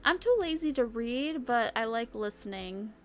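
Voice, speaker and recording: A woman's voice: on the high side, expressive, normal speed, faint music behind. A woman VTuber chatting casually with her stream chat in a playful, giggly way, slipping into sing-song bits now and then. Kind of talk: casual live-stream chat reading comments.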